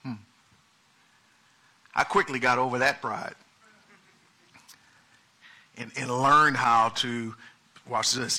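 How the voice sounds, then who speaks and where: A pastor preaching a lively sermon, shifting from quiet asides to loud, emphatic calls. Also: male voice, medium pitch, unhurried, long pauses.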